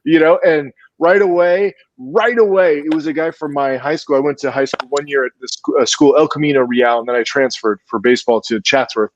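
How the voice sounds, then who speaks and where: A man, a filmmaker appearing as a guest, telling an animated, chatty story with lots of restarts. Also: a little high, brisk, few pauses, lo-fi sound, slight background noise. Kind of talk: storytelling in an interview.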